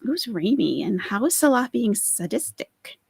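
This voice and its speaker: A woman's voice: fairly high pitch, sing-song, unhurried, gravelly, a little mellow, husky, no echo, clean studio sound. A woman hosting a live stream, commenting on a clip and chatting with viewers in their comments. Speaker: commentary channel host.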